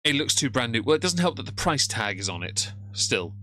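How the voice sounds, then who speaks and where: A man's voice: mid-range voice, big pitch swings, a little fast, bright, forceful tone, a little hiss or hum. A man hosting a casual live stream, rambling as he reacts and greets his chat by name, and now and then tripping over his words. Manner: rambling, chatty, greets chat, stammers at times.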